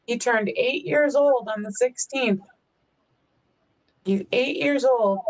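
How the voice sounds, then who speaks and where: Speaking slowly in a fairly high voice, this live-stream co-host chats casually and breaks off between stories to baby-talk lovingly to her dog. The recording is rough.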